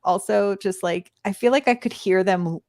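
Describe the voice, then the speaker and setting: A woman co-hosting a podcast in casual review chat, laughing often and filling pauses with "um". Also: mid-range voice, darkish tone, no room sound, clean studio sound. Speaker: podcast co-host.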